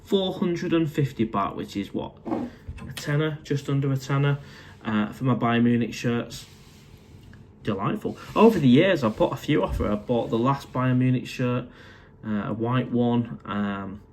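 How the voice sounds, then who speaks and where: On a live stream from his condo, a middle-aged Manchester man with a Mancunian accent chats casually in a medium-pitched, slightly dark voice at normal speed, with a little hiss or hum in the audio. He reads out viewers' comments and answers them in a friendly, matey way, calling people mate.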